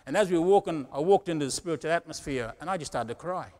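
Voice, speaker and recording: A man's voice: a little high, expressive, quick pace, a little mellow. Preaching man with a conversational style. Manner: conversational preaching with frequent "Amen?" asides. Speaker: pastor. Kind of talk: sermon.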